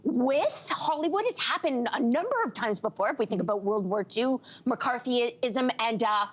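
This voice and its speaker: A woman's voice: on the high side, normal speed. A woman hosting a daytime talk panel, playful and leading the discussion. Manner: lively, playful, leads the topic. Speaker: talk show host.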